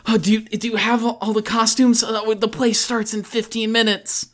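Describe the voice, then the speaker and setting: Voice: medium pitch, little pitch movement, moderate pace, voice pushed up, close to an everyday voice. A game master voicing a nervous school IT guy who stammers as he asks questions, in a tabletop game. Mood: anxious. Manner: anxious, stammering.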